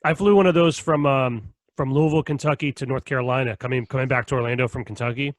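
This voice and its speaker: A young man co-hosting a podcast, telling stories in an animated, profane way with frequent laughs. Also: mid-range voice, fast talker, dry recording. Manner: animated storytelling, heavy swearing and laughter. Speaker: podcast co-host. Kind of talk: casual chat.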